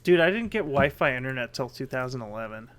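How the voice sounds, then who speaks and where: A man's voice: mid-range voice, animated, quick pace, fairly bright tone. A young man co-hosting a podcast, chatting casually in a laid-back, joking way. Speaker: podcast editor and co-host. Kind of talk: casual chat.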